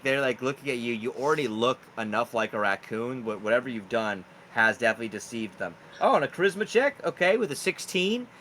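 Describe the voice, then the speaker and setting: Game master guy, bright energetic voice, goofs around and sings bits, bit of hiss in the background. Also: mid-range voice, rough recording. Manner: animated, breaks into silly singing and laughter. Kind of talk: narrating a tabletop game.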